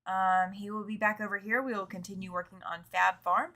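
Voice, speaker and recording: A woman's voice: medium pitch, fairly even intonation, brisk, pushed and bright. A woman hosting a live quilting show, chatting casually, reading out viewer comments and laughing easily, often trailing off and repeating herself. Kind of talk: casual live-stream chat.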